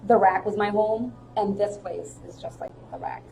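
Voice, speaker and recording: A woman in a casual chat, telling stories about her jiu-jitsu competitions, lively and laughing as she acts out what people said. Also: mid-range voice, normal speed, creaky, a little hiss or hum, poor audio. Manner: animated, laughing, acts out quotes. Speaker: jiu-jitsu fighter, guest.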